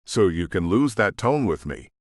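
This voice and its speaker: A male narrator voicing a guarded, businesslike young woman on a phone call, crisp and formal. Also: deep voice, sing-song, moderate pace, no room sound, clean studio sound.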